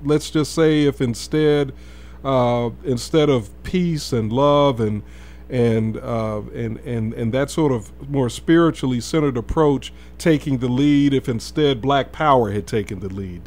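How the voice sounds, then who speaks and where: Halting male talk show host. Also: mid-range voice, a little mellow. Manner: hesitant, halting questions. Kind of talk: interviewing a guest.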